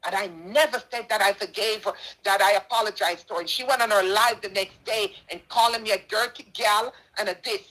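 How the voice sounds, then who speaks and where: A woman's voice: medium pitch, steady tone, brisk, hardly any pauses, sharp tone, poor audio. A middle-aged Jamaican woman making an impassioned personal statement, indignant and emphatic, repeating her points. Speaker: charity donor responding to a dispute.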